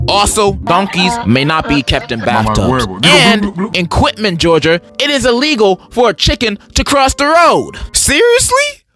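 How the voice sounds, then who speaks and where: A young man giving sarcastic, playful comedic commentary in an exaggerated way. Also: on the high side.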